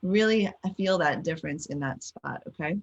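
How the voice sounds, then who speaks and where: Casting: woman parenting coach, low and breathy, encouraging, keeps checking in with listeners. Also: normal speed, muffled recording. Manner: encouraging, guides listeners through exercises; frequent checking "okay?" and "right?". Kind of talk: live online coaching talk.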